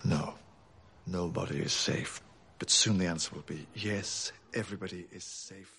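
A brisk, evasive alien caretaker. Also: male voice, sits low, creaky, bright, forceful tone, breathy edge, full character voice. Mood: grave. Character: alien male time traveller posing as school caretaker. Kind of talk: TV drama acting.

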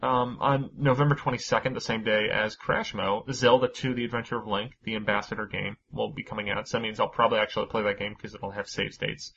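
A man's voice: lowish voice, little pitch movement, fast talker, vocal fry, hardly any pauses, fairly bright tone, highs cut off, a little hiss or hum. A man hosting a casual gaming podcast, chatty and laughing often, swearing casually as he runs through news. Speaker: podcast host.

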